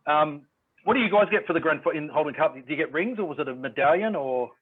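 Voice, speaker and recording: A man co-hosting a casual sports chat, easygoing and quick to chime in. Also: on the high side, lively intonation, slightly rough. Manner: easygoing, chimes in with short agreement. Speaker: podcast co-host. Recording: tinny phone-like line.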